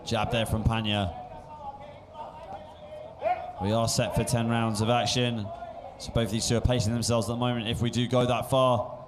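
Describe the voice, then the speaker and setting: A man giving live blow-by-blow boxing commentary with brisk play-by-play calls that lift at big moments. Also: medium pitch, flat delivery, noisy background. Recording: commentary over loud music.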